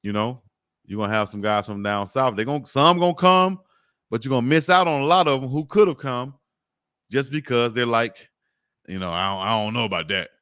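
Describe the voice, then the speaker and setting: A man's voice: medium pitch, lively intonation, moderate pace, a bit bright, clear, resonant tone, no room sound, studio quality. Laid-back man chatting sports. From Alabama. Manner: laid-back, joking, chuckles often, repeats himself. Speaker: sports talk host. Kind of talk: casual livestream chat reading comments.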